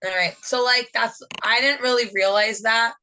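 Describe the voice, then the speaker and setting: Woman, New Jersey accent, bright voice, a chatty podcast co-host who rambles. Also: on the high side, steady tone, normal speed, slight background noise, rough recording. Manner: chatty, rambling, jumps between topics. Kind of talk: casual chat.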